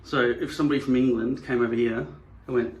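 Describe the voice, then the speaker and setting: A man's voice: mid-range voice, steady tone, quick pace, darkish tone, reverberant, dull audio. A man hosting a vlog, musing and digressing wryly as he works. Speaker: channel host. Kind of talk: rambling vlog monologue.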